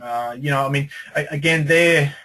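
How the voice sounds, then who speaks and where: A man hosting a copywriting webinar in casual discussion, talking animatedly and breaking into lively demo readings. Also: fairly high pitch, normal speed, low-quality recording.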